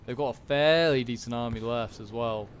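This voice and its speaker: A man's voice: medium pitch, normal speed, a little hiss or hum. A man giving casual, rambling commentary over a strategy game battle, full of fillers and self-corrections. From Britain. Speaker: gaming channel host.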